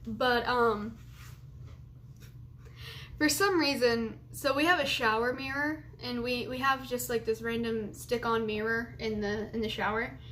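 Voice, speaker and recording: A late-teen vlogger chats through a casual vlog, rambling from thought to thought and laughing often between remarks. Her voice is a little high and a bit bright, with a faint hiss of noise underneath.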